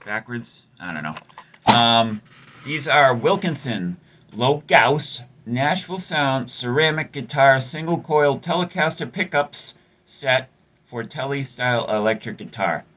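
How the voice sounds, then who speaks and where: This guitar repair host speaks in a mid-range, slightly bright voice at a measured pace, his intonation lively. While he works on a guitar, his casual chat wanders, full of fillers and wry jokes at his own expense.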